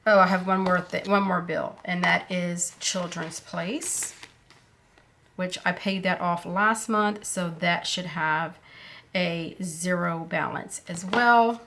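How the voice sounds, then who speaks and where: A woman chats her way through a planner at a relaxed, slow pace. Her voice sits low with a gravelly edge, and she thinks aloud, pausing on fillers as she goes. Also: a little hiss or hum. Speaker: planner vlogger. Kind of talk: casual budget planner walkthrough.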